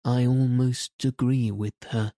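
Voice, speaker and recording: A man's voice: medium pitch, little pitch movement, slow pace, mellow, no room sound, studio quality. Wendy, a man reading as a prim girl. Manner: prim and earnest. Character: Wendy, a prim earnest young girl playing mother.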